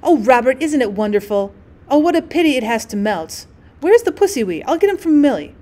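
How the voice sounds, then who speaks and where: A woman voicing a frail, fussy invalid wife who gushes fondly in a breathy voice, reading a storybook aloud. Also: sits high, very animated, brisk, warm tone. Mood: gushing.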